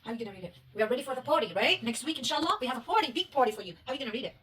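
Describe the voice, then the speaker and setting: A woman's voice: sits high, animated, racing, a bit bright, slightly rough, far from the mic. A woman teaching a young pupil to read Arabic, patiently quizzing her and praising right answers. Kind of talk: one-on-one reading lesson.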